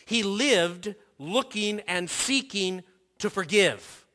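A man preaching a sermon with a bright, forceful tone and a slightly high voice. His delivery is animated and earnest, full of repeated phrases and restarts, and he drops softer for quoted words. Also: slow. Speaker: pastor.

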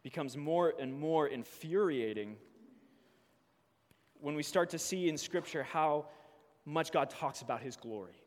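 A man preaching a sermon. He reads scripture slowly, then preaches with mounting intensity. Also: a little high. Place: church. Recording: long reverb of a church hall.

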